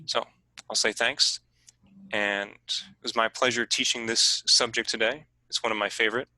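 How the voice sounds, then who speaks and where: A man presenting a teaching workshop over a video call, explaining in a relaxed, conversational way. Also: medium pitch, normal speed, dry recording, poor audio.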